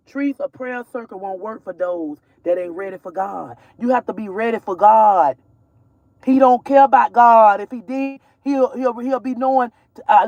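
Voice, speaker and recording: A woman's voice: fairly high pitch, normal speed, darkish tone, dry recording, lo-fi sound. A woman from Georgia vents in a heated, profane rant to her viewers. She talks bluntly and cuts in with asides, recorded dry and close from inside a car. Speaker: mother vlogger. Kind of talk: casual ranting vlog. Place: in a car while driving.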